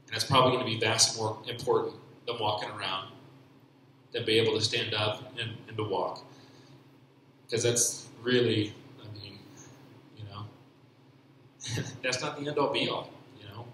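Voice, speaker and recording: A man with a lowish, bright, forceful voice gives a personal faith testimony. He talks haltingly, restarting phrases and leaning on fillers. His voice rings through a very echoey church hall. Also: fairly even intonation, slight background noise. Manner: halting, many restarts and repeated "you know". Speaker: speaker giving a church testimony.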